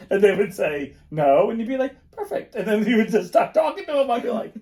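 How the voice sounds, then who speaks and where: Here a middle-aged man on a podcast rambles through anecdotes in casual conversation, peppering them with fillers. He speaks at a moderate pace in a high, warm voice whose pitch swings widely.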